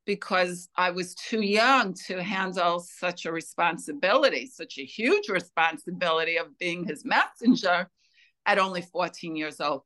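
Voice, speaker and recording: A woman being interviewed, telling a personal story in an earnest, unhurried way. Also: fairly low pitch, pushed and bright. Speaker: interview guest.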